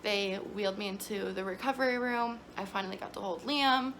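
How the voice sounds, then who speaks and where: A woman's voice: medium pitch, a little fast, fairly bright tone, a little hiss or hum. A young woman vlogging, telling her story in a chatty, emotional way with lots of fillers. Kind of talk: casual storytelling to camera.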